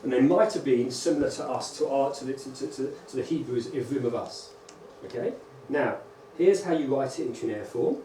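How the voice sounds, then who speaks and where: A man, a rabbi, giving a lively conference lecture to teachers and often checking in with "right?" and "okay?". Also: medium pitch, brisk, hardly any pauses. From England. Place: large lecture hall. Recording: echoey hall, distant mic, faint hum.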